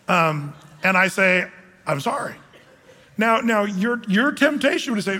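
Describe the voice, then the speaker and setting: Male pastor, sermon; high, bright voice, animated and emphatic, acts out scenes, lots of fillers; echoey hall reverb. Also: normal speed. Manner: many fillers and restarts.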